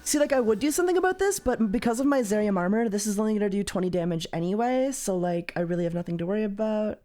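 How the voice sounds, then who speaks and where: A young woman from Canada chatting casually as a streamer while playing a card game, with sudden loud, high exclamations. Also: expressive, fast talker, soft background music.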